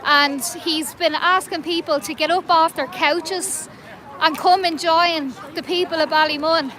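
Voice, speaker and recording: A woman's voice: extremely high pitch, steady tone, measured pace, sharp tone, some chatter behind, rough recording. An Irish woman talking outdoors to her livestream viewers, urgent and rhetorical, often repeating her questions. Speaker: street protester livestreaming. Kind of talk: impassioned livestream address to viewers. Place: outdoors on a city street. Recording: street noise and traffic behind.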